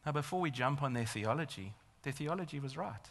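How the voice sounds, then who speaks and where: A man's voice: medium pitch, animated, brisk, a bit bright. A man preaching a sermon in a church, emphatic and building to intense rhetorical questions. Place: large church hall. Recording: long church hall reverb.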